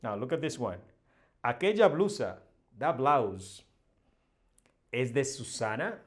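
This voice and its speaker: Slow, patient male teacher. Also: mid-range voice, very animated. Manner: patient, repeats example sentences, modeling question intonation. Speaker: Spanish teacher. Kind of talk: slow explanatory language lesson.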